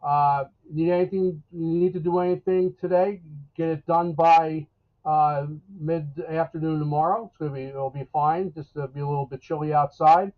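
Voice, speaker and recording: A New weatherman chats about the forecast in a rambling, folksy way, stopping and restarting his sentences. His voice sits a bit high for a man. It comes through a thin, tinny, phone-like line. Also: steady tone, moderate pace. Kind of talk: casual live interview.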